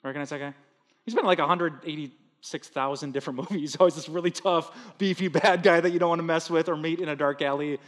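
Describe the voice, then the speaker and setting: A man pastor preaching a sermon in earnest, swinging between loud emphatic bursts and hushed soft lines. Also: on the high side, fast, in a large hall.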